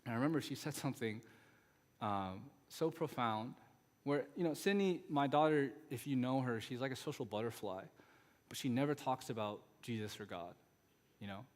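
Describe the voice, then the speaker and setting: A man's voice: mid-range voice, moderate pace. Chatty man preaching in a reverberant sanctuary. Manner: conversational storytelling with frequent asides. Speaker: guest pastor. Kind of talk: sermon. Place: church sanctuary.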